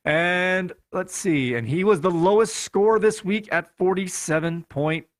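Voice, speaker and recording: A podcast host with a Chicago accent gives a playful, running recap of the week's fantasy football results. His slightly high voice keeps a measured pace, recorded close and dry with no echo.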